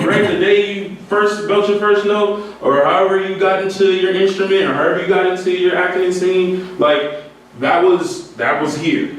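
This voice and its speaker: A man giving an earnest, candid motivational talk to music students, often breaking into laughter. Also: sits high. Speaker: speaker addressing music students. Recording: echoey hall, voice from far off, faint noise.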